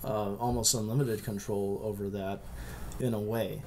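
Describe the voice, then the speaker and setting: A man's voice: on the low side, little pitch movement, moderate pace, darkish tone, a little hiss or hum. A man co-hosting a podcast in casual chat, thoughtfully explaining ideas at length. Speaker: podcast co-host.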